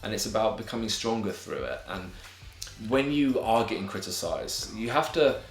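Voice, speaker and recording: A young Englishman with a lowish voice answers viewer questions with earnest encouragement, dropping in friendly slang now and then. He records in an echoey room, with background music running under his voice. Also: expressive, moderate pace. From England. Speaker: YouTuber. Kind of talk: advice vlog Q&A.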